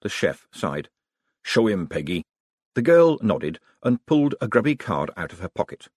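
Husky male narrator, audiobook, animated pitch, dry close sound. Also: normal speed, no echo.

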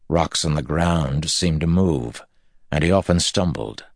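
A man narrating a fantasy novel in a steady, measured audiobook reading. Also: extremely low pitch, dry recording, studio quality.

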